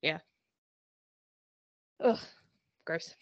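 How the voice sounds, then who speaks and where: A woman's voice: drawn-out words, dry recording. A woman hosting a podcast, casually chatting as she recaps a TV show, laughing often and swearing as she retells scenes. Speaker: podcast host. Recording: dull lo-fi dry recording.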